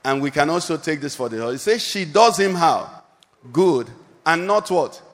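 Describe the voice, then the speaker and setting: A man's voice: a little high, animated, moderate pace, big-room sound. A male pastor preaching a sermon and calling out questions for the congregation to answer. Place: church hall.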